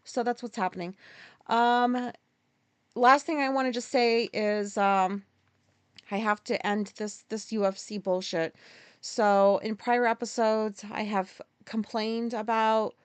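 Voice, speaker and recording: A woman's voice: mid-range voice, fairly even intonation, measured pace, smooth, no room sound. Woman host, solo podcast rant, exasperated and profane, dry close sound.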